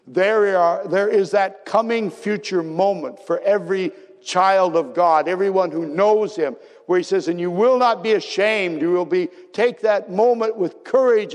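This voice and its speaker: A man preaching a sermon with great passion, swinging between excited bursts and hushed, low passages. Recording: long reverb of a large hall.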